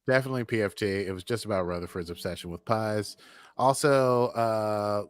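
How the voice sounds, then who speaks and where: A man's voice: lowish voice, moderate pace, clear, resonant tone. A man co-hosting a casual show recap, rambling with many fillers and chuckles. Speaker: podcast co-host.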